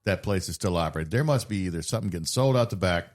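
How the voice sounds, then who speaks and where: A man's voice: sits low, lively intonation, very fast. A middle-aged man hosting a podcast, telling wry, rambling stories in casual chat with plenty of fillers. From South Florida. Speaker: podcast host.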